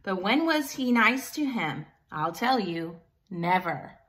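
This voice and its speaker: A woman teacher reading a picture book aloud to children in an animated way, pausing to ask them questions. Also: medium pitch. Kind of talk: children's story time.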